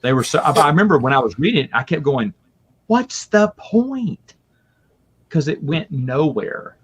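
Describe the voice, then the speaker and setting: A man chatting casually as a podcast guest, telling lively stories and laughing often. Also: mid-range voice, fast talker, breathy edge. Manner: lively storytelling with frequent laughs. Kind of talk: casual chat. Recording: muffled lo-fi audio.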